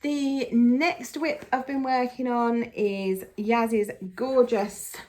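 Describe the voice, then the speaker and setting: A woman's voice: on the high side, fairly even intonation, slow, warm tone. A woman, a cross-stitch vlogger gushing enthusiastically through a casual show-and-tell.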